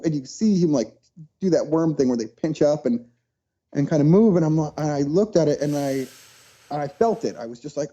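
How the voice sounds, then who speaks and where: A man being interviewed on a podcast, telling childhood stories in an animated way and acting out what people said. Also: a little high, a little fast, highs cut off. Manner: animated storyteller, acts out quotes. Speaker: podcast guest. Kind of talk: casual storytelling interview.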